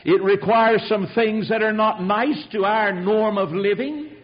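A man's voice: high-pitched, unhurried, dull audio. A man preaching a sermon to a congregation, telling a personal story with emphatic delivery.

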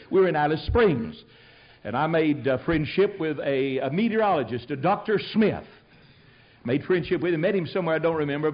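A man's voice: on the high side, lo-fi sound. An older man from Tennessee with a Southern accent, preaching a sermon in a folksy storytelling manner that rises to emphatic exhortation.

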